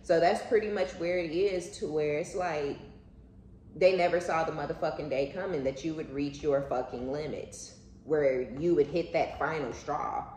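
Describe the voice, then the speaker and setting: A woman talks through a casual spiritual reading in a low voice. She is blunt and profane and stacks repeated words for emphasis. The room is echoey, with a faint hiss behind her. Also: a little mellow. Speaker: intuitive reader.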